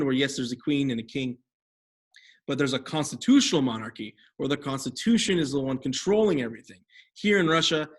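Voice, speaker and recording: A young adult man teaching a history lecture over slides, rambling with many fillers and self-corrections. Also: medium pitch.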